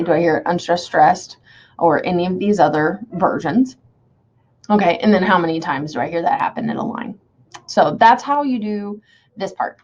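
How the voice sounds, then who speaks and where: A woman's voice: lowish voice, a little mellow, dull audio. Woman teacher sounding out poetic rhythm. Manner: explains step by step, often asks "okay?"; sounds out the rhythm of lines slowly. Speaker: English teacher. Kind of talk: recorded online lecture.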